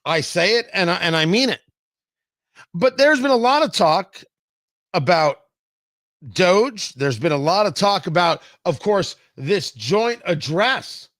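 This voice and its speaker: A man hosting a political talk show, opinionated and brisk, stumbling over his words now and then. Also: high voice, lively intonation, fairly bright tone, no room sound. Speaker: radio talk show host.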